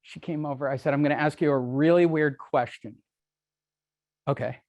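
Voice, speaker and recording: A man's voice: fairly high pitch, steady tone, brisk, darkish tone, no room sound. Brash joking man addressing a room. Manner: brash, joking, self-deprecating. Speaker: real estate speaker. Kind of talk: live seminar talk to a room. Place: meeting room with audience.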